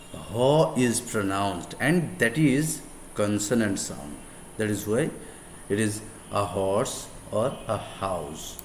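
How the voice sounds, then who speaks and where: Slow, deep-toned Bangladeshi man teaching English. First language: Bengali. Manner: deliberate, repeats words and examples for emphasis. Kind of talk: slow classroom lecture. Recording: echoey room with faint background noise.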